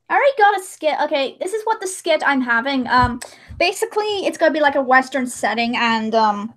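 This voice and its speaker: A young woman co-hosting a casual livestream, giggling often and telling stories in an animated way. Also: high voice, moderate pace. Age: young adult. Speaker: livestream co-host.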